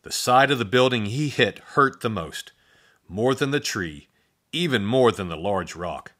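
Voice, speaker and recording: A man narrating a children's storybook in an expressive, playful read-aloud style with spoken sound effects. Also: fairly low pitch, unhurried.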